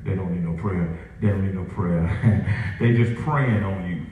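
Male preacher, lively sermon delivery with laughter between lines, recorded from a distance in a very echoey church. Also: sits low, unhurried, narrow, tinny audio, slight background noise. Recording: echoey room picked up from a distance, faint ambience.

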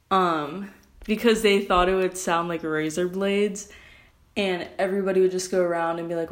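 A woman's voice: lowish voice, fairly even intonation, normal speed. Rambling teenage girl podcaster. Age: teens. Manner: rambling, self-correcting, chatty. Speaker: podcast host. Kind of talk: casual solo podcast rant. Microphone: phone.

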